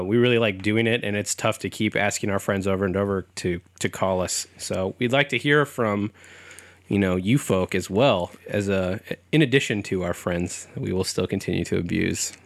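A man's voice: on the low side, no room sound. A young man co-hosting a comedy podcast in casual chat, loose and joking, laughing often, his voice slightly sick. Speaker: podcast co-host.

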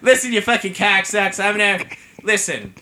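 A man's voice: sits high, animated, moderate pace, pushed and bright. A man playing a brash, foul-mouthed backwoods man in improvised comedy. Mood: belligerent. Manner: rough, swearing, blustering. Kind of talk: improvised comedy role-play.

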